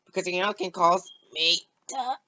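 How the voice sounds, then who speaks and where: A man voicing a whiny young male engine who wails at a very high pitch. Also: animated, normal speed, bright, forceful tone, dull audio, exaggerated voice. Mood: upset, wailing. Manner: whiny, wailing. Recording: music behind the voice.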